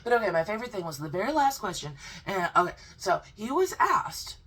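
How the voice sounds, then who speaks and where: A woman's voice: mid-range voice, animated, fast talker. A young woman giving a blunt, sarcastic, profane crypto commentary vlog. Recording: distant mic with faint background noise.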